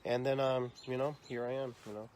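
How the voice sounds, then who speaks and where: Middle-pitched man in his fifties hosting a podcast, lively storyteller, faint noise behind him. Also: brisk. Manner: animated, acts out the people in his stories. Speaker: podcast host. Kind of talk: casual storytelling interview.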